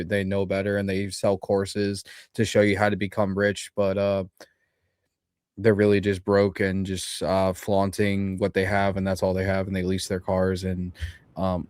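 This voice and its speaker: A man's voice: deep voice, darkish tone, clear, resonant tone, dry recording, studio quality. A man on a panel speaking bluntly and dismissively in casual talk.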